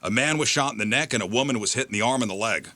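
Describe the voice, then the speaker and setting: A man's voice: medium pitch, racing, sharp tone, dry recording. A man hosting a comedy radio show, telling news stories with casual joking banter. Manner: joking, storytelling.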